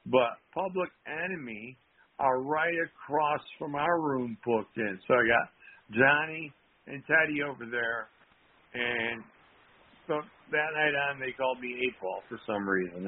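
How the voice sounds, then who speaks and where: A man's voice: fairly high pitch, slightly rough. A man, a wrestling promoter and wrestler, tells rambling anecdotes with quoted dialogue on a call-in show. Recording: tinny phone line.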